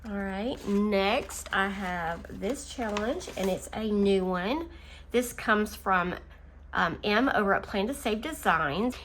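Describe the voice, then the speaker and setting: A woman hosting a casual budgeting video, chatting and counting her savings out loud, easily amused. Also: medium pitch, slow. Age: adult. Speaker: budgeting channel host. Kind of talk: casual chat while scratching savings challenges. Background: faint engine noise from a utility vehicle outside.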